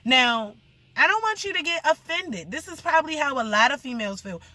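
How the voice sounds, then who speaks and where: A woman's voice: high-pitched, animated, a little fast, pushed and bright, no echo. A young woman rambling through a blunt, profane story in a casual vlog rant.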